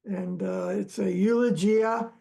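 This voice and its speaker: A man, an archaeologist, telling stories from his digs in a relaxed, halting way, full of fillers and small chuckles. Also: high-pitched, vocal fry. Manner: halting, many fillers and restarts, chuckles often. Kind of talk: relaxed storytelling chat.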